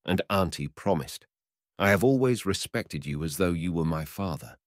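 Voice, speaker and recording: Brief: male reader doing a timid young barber in a storybook, tearful and pleading, high cries over a low base voice. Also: lively intonation, normal speed, no echo, clean studio sound.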